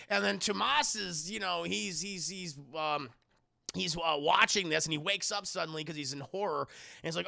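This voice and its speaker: A man recapping a TV episode on a live stream in a casual, animated, profane way, often addressing his chat. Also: on the high side, a little fast, vocal fry, no room sound, studio quality. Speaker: streamer and TV reviewer.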